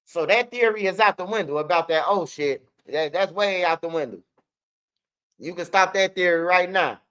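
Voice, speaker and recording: Bright, high-voiced Chicago man telling stories. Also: moderate pace, clean tone, lo-fi sound. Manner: animated, profane, acts out quotes of others. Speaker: guest telling street stories. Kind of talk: casual storytelling.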